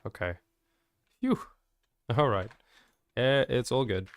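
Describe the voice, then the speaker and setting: A man's voice: medium pitch, expressive, slow pace, dry recording. A man streaming a building game live, chatty and joking as he reacts to viewer messages. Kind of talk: live gameplay stream, answering chat.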